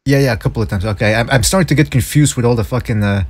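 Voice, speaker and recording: A man's voice: mid-range voice, racing, slightly rough. A man hosting a casual boxing podcast, swearing freely and laughing often. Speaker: podcast host.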